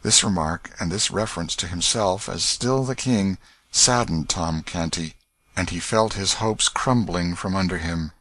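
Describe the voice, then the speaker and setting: A man narrating an audiobook with measured storybook reading. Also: low voice, a bit bright, no room sound. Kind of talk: scripted narration.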